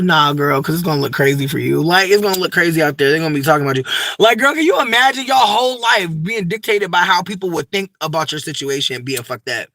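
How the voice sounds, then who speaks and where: A man's voice: fairly high pitch, lively intonation, quick pace, a bit bright, a little hiss or hum. A young man, rambling in a profane, campy, unscripted vlog monologue full of asides. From United States. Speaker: vlogger.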